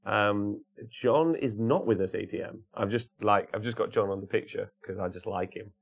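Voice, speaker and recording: A man's voice: lowish voice, moderate pace, vocal fry. A man hosting a casual livestream, rambling and chatting while greeting viewers by name. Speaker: livestream host. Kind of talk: casual chat reading live comments.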